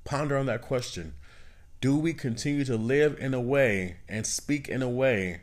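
A man hosts a self-help podcast in a casual, conversational way. His pitch is middling for a man. He circles back over his points and keeps checking in with his listeners. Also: normal speed. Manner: conversational, repeats phrases, asks "you know what I mean?". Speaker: podcast host.

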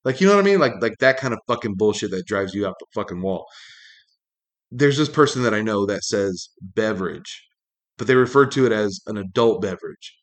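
A man hosting a talk show, ranting in a loose, profane monologue full of fillers, his pitch jumping up when he gets angry. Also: lively intonation, a little fast. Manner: rambling, heavy swearing, many fillers, pitch jumps when angry. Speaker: podcast host.

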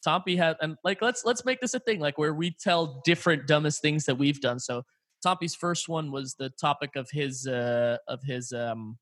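A man's voice: a little high, normal speed, a bit bright, dry recording. A man from Belgium co-hosting a podcast in casual chat, telling stories, acting out what others said, and swearing often. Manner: storytelling, quoting others, frequent swearing. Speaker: podcast co-host.

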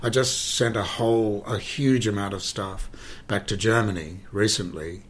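An actor, telling rambling, animated anecdotes in an interview and often repeating himself. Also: male voice, fairly low pitch, moderate pace, a little hiss or hum. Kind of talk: conversational interview, storytelling.

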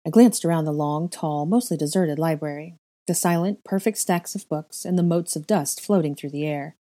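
A woman reading a first-person story aloud in a measured, soft storytelling manner. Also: sits low. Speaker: audiobook reader. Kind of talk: first-person fan fiction narration.

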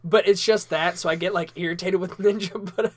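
A man's voice: high-pitched, fairly even intonation, a little fast, slight background noise. A man in casual joking chat with a friend, crude and teasing, laughing often.

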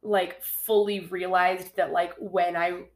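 A woman's voice: on the low side, little pitch movement, takes it slowly. A woman in her twenties co-hosting a podcast, chatting casually and rambling with many fillers. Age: 20s. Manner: rambling, heavy use of "like", laughs often. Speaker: podcast co-host.

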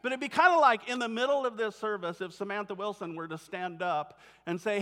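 A male pastor delivers a sermon in a church, talking to the congregation in a conversational, storytelling way. His voice sits high for a man, and he slips into little acted-out voices as he goes. The sound rings with the long reverb of a big hall. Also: fairly quick, hardly any pauses, pushed and bright. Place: church sanctuary.

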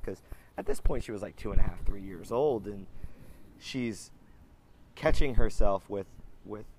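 A man in his thirties hosting a podcast, talking in a rambling, halting way with many restarts and fillers. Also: on the low side, slight background noise. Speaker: podcast host. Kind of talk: casual personal monologue.

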